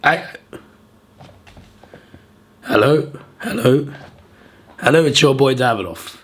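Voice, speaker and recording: A hoarse man hosting a casual vlog to camera through a sore throat, often laughing at himself. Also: medium pitch, animated, slow pace. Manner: self-deprecating and laughing often. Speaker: video host.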